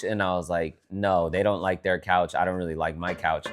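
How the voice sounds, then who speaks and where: A man's voice: sits low, fairly even intonation, brisk, few pauses. A young man co-hosting a podcast, telling a long rambling story in casual chat, full of "like" and "you know what I mean.". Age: young adult. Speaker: podcast co-host.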